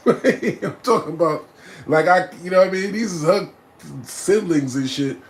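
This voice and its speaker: A man telling a personal story in a casual, animated way, often laughing and adding "right?" to his lines. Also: sits high, moderate pace, slight background noise. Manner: acts out voices and loud cries.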